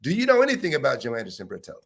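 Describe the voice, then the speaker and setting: A man's voice: medium pitch, huge pitch swings, creaky, a bit bright, husky. Man co-hosting a casual MMA chat. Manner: quick banter with casual swearing, picks fights. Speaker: podcast co-host.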